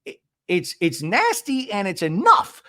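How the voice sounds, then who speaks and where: A man's voice: high voice, huge pitch swings, unhurried, bright, forceful tone, pitched above the performer's own voice, full character voice. A man imitating an upset woman reality star who pleads emphatically and drags out her words. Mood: pleading.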